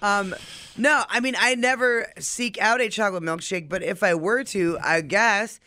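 A man trading blunt, teasing wisecracks on a morning radio show. His voice sits a bit high and sounds bright and forward. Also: normal speed, no room sound. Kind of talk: casual morning show banter.

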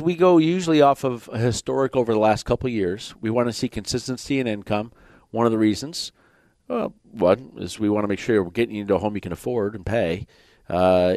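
Michigan-accented radio host, dry studio. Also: male voice, fairly low pitch, darkish tone, no room sound. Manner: explains numbers in quick bursts, jokey asides. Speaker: radio mortgage show host. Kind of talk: casual radio talk. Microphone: studio microphone.

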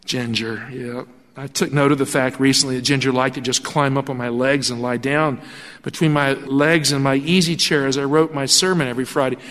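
A male pastor telling a story in a sermon, animated and acting out the voices of the people in it. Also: medium pitch, fairly quick. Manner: animated storytelling with acted-out quotes. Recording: long hall reverb.

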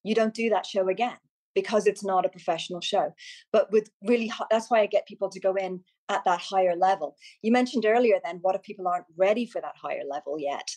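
Chatty Irish woman, lively. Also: mid-range voice, fast talker. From Ireland. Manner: animated, chatty, many restarts and quoted asides. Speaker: guest media coach. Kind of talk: casual podcast chat.

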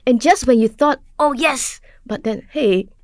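A woman's voice: high voice, measured pace, no room sound, studio quality. A woman guest on a film podcast, talking enthusiastically about a movie, repeating herself and laughing easily. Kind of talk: casual film review chat.

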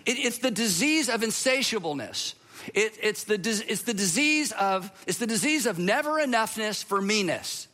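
Bright, high-voiced male pastor preaching. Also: moderate pace. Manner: animated, conversational preaching with asides to the audience. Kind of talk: sermon.

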